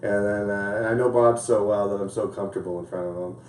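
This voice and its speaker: A man's voice: lowish voice, fairly even intonation, fast, darkish tone, echoey room, recorded from a distance, slight background noise, low-quality recording. A man hosting a talk show in casual chat, laughing often and talking loosely. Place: small room with live audience.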